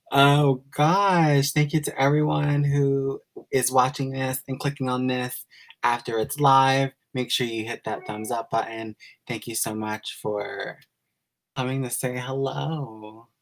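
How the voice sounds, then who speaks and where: A man's voice: medium pitch, level tone, measured pace, gravelly. A man hosting a live stream, gushing and giggling as he greets viewers by name, emotional and close to tears.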